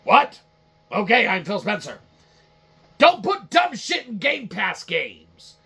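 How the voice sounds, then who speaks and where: A man's voice: sits high, wildly swooping pitch, slow pace, vocal fry, bright, forceful tone, slightly rough, voice pushed up, exaggerated voice. A man putting on the voice of a pompous, self-important male gaming executive who keeps repeating his own name. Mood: irritated.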